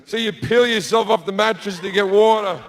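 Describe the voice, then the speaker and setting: A high-voiced Australian stand-up comedian performs on a large theatre stage before a live audience. At a moderate pace he tells a crude story in a laid-back way, acting out the quotes.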